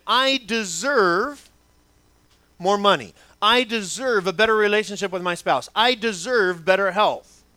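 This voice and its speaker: A man, a pastor preaching a sermon, asking the congregation rhetorical questions and acting out complaints to God with dramatic pauses. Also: sits high, fairly bright tone, dry recording.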